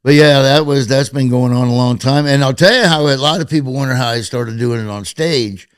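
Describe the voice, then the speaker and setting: A middle-aged man, a comedian guest on a podcast, telling stories in a casual, animated way. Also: mid-range voice, fairly quick, smooth, dry recording, clean studio sound. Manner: animated, acts out quoted voices and laughs at his own stories. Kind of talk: casual storytelling chat.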